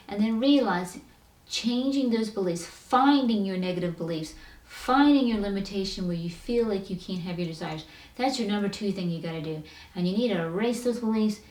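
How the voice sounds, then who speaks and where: A woman giving a spiritual self-help talk in a lively, animated way, often acting out quoted voices. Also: mid-range voice. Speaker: spiritual coach. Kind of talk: motivational talk. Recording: roomy echo, distant from the mic.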